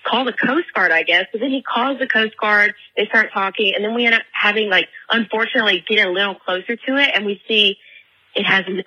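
A young woman leaving a casual voicemail, retelling a story in a chatty, animated way with many fillers. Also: medium pitch, fairly quick, rough recording. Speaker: voicemail caller.

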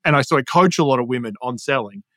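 A man's voice: medium pitch, fast talker, dry recording. A man, a storytelling and sales coach talking energetically on a podcast interview, laughing often as he explains. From Australia. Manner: energetic, laughs often, puts on quoted voices.

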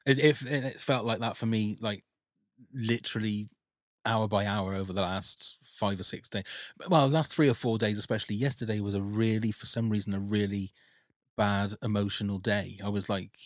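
A man's voice: fairly low pitch, fairly even intonation, normal speed, dry recording, clean studio sound. A man hosting a podcast in casual chat, telling personal stories openly and emotionally, with some swearing. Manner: open, emotional storytelling, swears. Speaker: podcast host.

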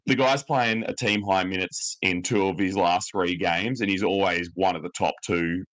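A man with a very deep voice talks through his points on a podcast. He stays relaxed and easygoing, often pausing on an um. The sound is dry and close, with no room around it. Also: no room sound, rough recording. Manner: relaxed, lots of ums, easygoing. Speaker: podcast co-host. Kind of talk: casual podcast chat.

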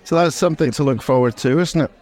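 A man's voice: fairly high pitch, quick pace, a little mellow. A man co-hosting a comedy podcast, rambling and swearing cheerfully in casual chat. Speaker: podcast co-host.

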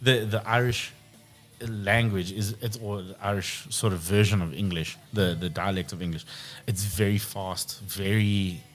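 A man's voice: on the low side, fairly even intonation, unhurried, soft background music. A South African man co-hosting a casual podcast, telling stories with lots of swearing and joking. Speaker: podcast co-host. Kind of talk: casual chat.

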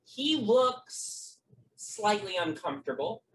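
A game master narrating a tabletop game in a halting way, with many fillers and restarts. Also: mid-range voice, very animated, a little hiss or hum. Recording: roomy, from a distant mic.

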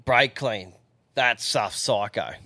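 A man with an Australian accent co-hosting a casual podcast, joking and lively. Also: mid-range voice, takes it slowly, dry recording. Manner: lively, joking, laughs often. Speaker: podcast co-host. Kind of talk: casual chat.

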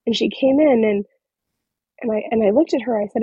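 A woman in her thirties, a guest telling a personal story in an interview, speaking haltingly with many fillers. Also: fairly high pitch, husky, dry recording. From Northern Ontario, Canada. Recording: slightly muffled recording.

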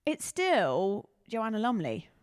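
A woman makeup artist co-hosting a relaxed podcast. She tells stories in an animated way and often breaks into giggles. Her voice sits at a middle pitch. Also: takes it slowly, smooth, dry recording, clean studio sound. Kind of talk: casual chat.

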